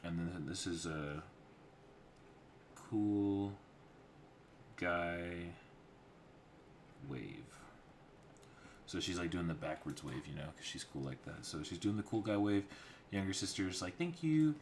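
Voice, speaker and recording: A man's voice: low-pitched, takes it slowly, pauses often, slight background noise. A man casually talking through story beats of a storyboard on a livestream, rambling with many fillers. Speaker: storyboard artist.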